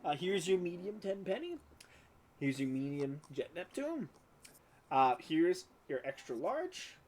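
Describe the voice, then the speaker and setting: A man's voice: sits high, very animated, unhurried, darkish tone, pitched above the performer's own voice, heavily acted. A man voicing a polite male bathhouse attendant who speaks in a courteous, service-like way.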